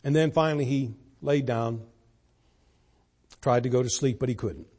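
A man preaching a sermon, pressing key points hard and then dropping to a soft, hushed voice. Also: medium pitch, moderate pace. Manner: emphatic, swings from loud to soft.

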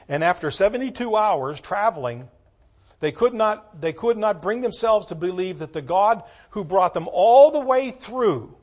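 A man delivering a sermon in a somewhat high voice, moving from quiet, almost whispered asides to loud, pressing emphasis. He reads scripture in slow, measured phrasing and repeats key words for weight. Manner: emphatic, dramatic swings from hushed to loud. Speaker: preacher.

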